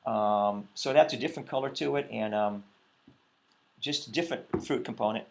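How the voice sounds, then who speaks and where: A male winemaker talking casually at a wine tasting, relaxed and hesitant, with many pauses and ums. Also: medium pitch, vocal fry.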